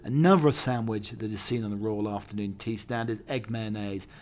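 A man's voice: fairly low pitch, fairly even intonation, normal speed, darkish tone. A man hosting a solo podcast, talking in a wry, mock-patriotic and irreverent way. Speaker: podcast host. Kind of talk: comedic solo podcast monologue.

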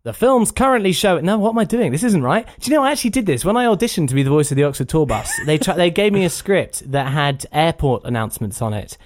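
A man's voice: fairly high pitch, very animated, quick pace, hardly any pauses, a little mellow. A man co-hosting a podcast in casual chat, jokey and self-deprecating. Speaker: podcast co-host.

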